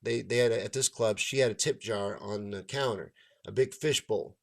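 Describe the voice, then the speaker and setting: A man's voice: fairly low pitch, moderate pace, vocal fry. A man, a stand-up comedian, telling a long story in a casual rant, swearing freely and acting out the lines of the people in it. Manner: profane, animated, acts out others' lines. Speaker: stand-up comedian and show host.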